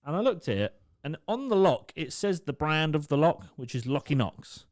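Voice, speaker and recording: A man's voice: a little high, sing-song, normal speed, a little mellow, dry recording. A young man co-hosting a podcast, telling stories in a loose, swearing, laugh-prone way. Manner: swears, laughs through his own stories. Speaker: podcast co-host. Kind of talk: casual storytelling chat.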